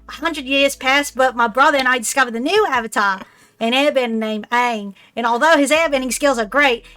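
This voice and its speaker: A woman's voice: a little high, bright, forceful tone. A woman voicing an epic cartoon-intro narrator in a put-on Australian accent, mock-grand and giggly.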